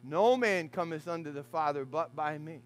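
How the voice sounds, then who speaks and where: A man preaching a fiery funeral sermon as pastor in a church, swinging from hushed asides to shouted lines. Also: on the high side, moderate pace.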